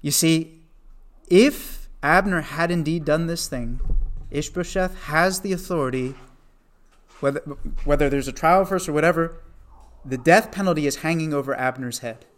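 A man's voice: on the high side, normal speed. A man teaching a Bible study in a conversational way, often asking rhetorical questions.

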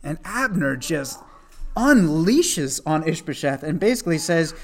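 A man's voice: fairly high pitch, very animated, measured pace. A man teaching a Bible study in a conversational way, often asking rhetorical questions.

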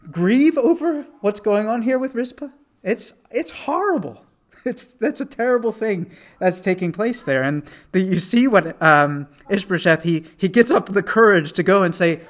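A man's voice: high-pitched, lively intonation, measured pace. A man teaching a Bible study in a conversational way, often asking rhetorical questions.

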